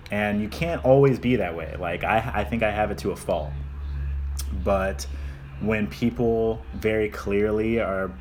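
Slight background noise sits behind this young man's low, darkish voice, which moves a little slowly. Co-hosting a casual podcast chat, he rambles through long stretches, keeps repeating and restarting, and is self-deprecating.

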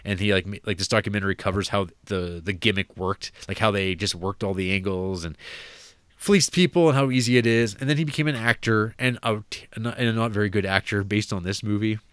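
Man, low voice, rambling casual movie chat, dry room. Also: brisk, a bit bright, clear, resonant tone, no room sound. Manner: rambling, filler-heavy, frequent restarts and "like". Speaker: podcast co-host reviewing movies.

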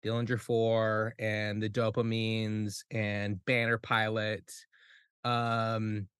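A man's voice: on the low side, monotone, takes it slowly, a bit bright, clean tone, dry recording, studio quality. A man from the Midwest US, a guest musician on a casual podcast, rambling with lots of filler words and swearing.

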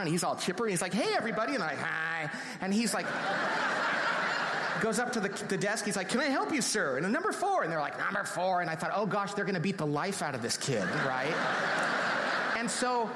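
Animated man telling a story in a big hall. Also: high voice, slight background noise. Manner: animated storyteller, acts out voices. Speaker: speaker in a played clip. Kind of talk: storytelling talk to an audience. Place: large auditorium with audience. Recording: reverberant hall.

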